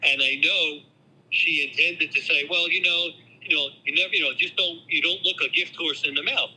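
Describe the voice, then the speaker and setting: A man's voice: a little high, fairly even intonation, normal speed, sharp tone, breathy edge, poor audio. A man in his sixties telling a family story on a speakerphone call, full of "you know", in casual chat. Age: 60s. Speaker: phone-in guest, host's father.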